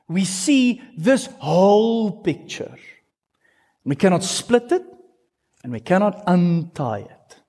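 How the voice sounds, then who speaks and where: A man delivering a teaching sermon in a slightly high voice. He is animated and stretches key words for emphasis. He breaks in with questions and playful asides to his listeners. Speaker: pastor.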